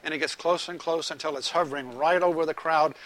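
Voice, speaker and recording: A man preaching a sermon to a live group, asking them questions and telling a lively joke. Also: a little high, quick pace, no room sound, poor audio. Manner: animated storytelling, joke-telling.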